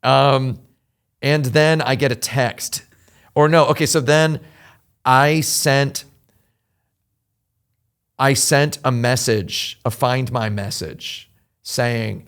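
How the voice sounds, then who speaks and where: A man's voice: medium pitch, measured pace, gravelly. A man hosting a show, telling a long anecdote in a casual, rambling way with frequent restarts. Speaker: host. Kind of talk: casual storytelling chat.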